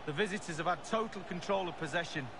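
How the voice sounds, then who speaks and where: An actor playing an analytical male football game co-commentator, explaining play in an even analyst delivery. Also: sits high, fast. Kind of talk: scripted sports commentary. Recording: distant game audio with background noise.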